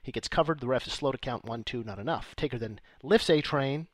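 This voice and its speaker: A man co-hosting a casual comedy podcast, profane and quick to laugh, recapping a match play by play. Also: mid-range voice, no echo. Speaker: podcast co-host.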